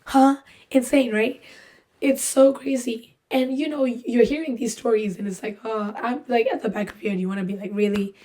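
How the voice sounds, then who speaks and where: A woman's voice: a little high, moderate pace. A woman hosting a podcast, telling a story in a casual, jokey way, acting out what people said and filling with lots of "like". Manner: animated, jokey, full of fillers and voiced-out quotes. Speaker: podcast host.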